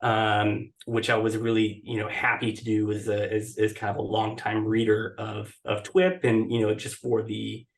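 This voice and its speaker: A man's voice: on the low side, monotone, moderate pace, creaky, hardly any pauses. A man speaking as a guest over a video call, talking casually with many fillers and restarts. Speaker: podcast guest, blog editor. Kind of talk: casual interview talk.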